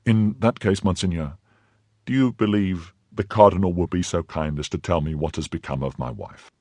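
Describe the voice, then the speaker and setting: A man's voice: low-pitched, moderate pace, dark tone, no room sound. A man voicing a timid middle-aged mercer who answers anxiously and deferentially, crying out in alarm when frightened. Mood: nervous deference.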